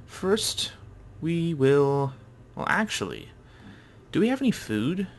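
A man's voice: on the high side, very animated, slow pace. A man casually commenting as he plays a game, chatty and thinking aloud. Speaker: gamer.

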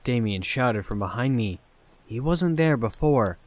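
A man narrating a scripted horror story in a calm, measured way. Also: mid-range voice.

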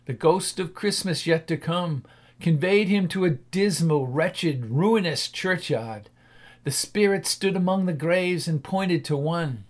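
A man narrates a classic tale in a measured, expressive way. His voice sits fairly high and often drops to a hush for dark moments. It is a careful dramatic audiobook reading.

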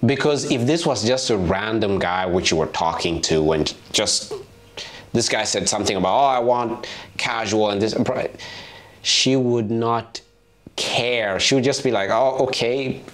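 A man's voice: fairly low pitch, measured pace. Man ranting in a reaction video. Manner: animated, ranting. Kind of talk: casual reaction commentary.

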